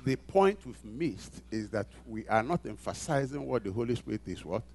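A male pastor preaching a sermon, asking the congregation to answer back and repeating phrases for emphasis, building from quiet lines to loud emphatic peaks. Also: mid-range voice, lively intonation, moderate pace.

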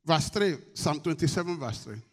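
A man preaching a sermon to his church, moving between loud, shouted declarations and quieter call-and-response where he prompts the congregation to answer. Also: animated, normal speed. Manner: swings from shouted exhortation to low coaxing call-and-response.

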